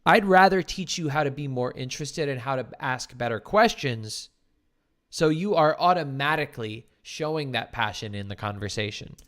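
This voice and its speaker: A man's voice: medium pitch, expressive, moderate pace, fairly bright tone. A man hosting a podcast, reacting to video clips with blunt, dismissive commentary and frequent swearing.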